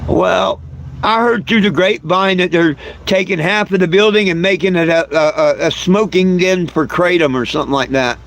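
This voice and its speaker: A man's voice: sits high, normal speed, vocal fry, a bit bright, slight background noise, rough recording. A man vlogging outdoors by his bus in a casual, hesitant way, drawn out with fillers and repeated words. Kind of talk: casual rambling vlog talk. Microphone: camera he handles himself.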